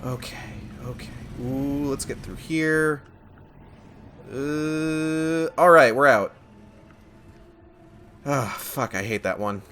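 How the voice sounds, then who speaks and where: A man's voice: medium pitch, slow, pauses often, fairly bright tone, slight background noise. A man giving casual, sarcastic commentary while playing a horror game, swearing often. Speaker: gamer. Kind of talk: let's play commentary.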